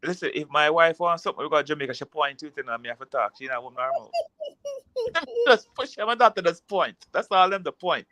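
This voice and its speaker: A man's voice: fairly high pitch, lively intonation, quick pace, few pauses, pushed and bright, no room sound. A man in a casual chat, telling jokey stories in patois-laced speech.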